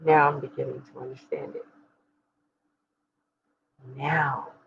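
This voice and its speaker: A woman's voice: low-pitched, little pitch movement, slow pace, vocal fry, lo-fi sound, slight background noise. A woman of forty talking candidly and emphatically to her viewers, speaking straight to them like a preacher. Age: 40s. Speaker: host. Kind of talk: candid personal talk to viewers.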